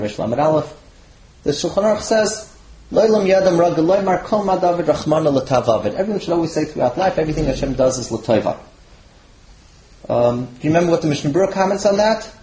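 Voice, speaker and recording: A man, a rabbi, teaching a Torah class to students with animated delivery, his voice leaping when he voices quoted sages. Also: fairly high pitch, reverberant, slight background noise, rough recording.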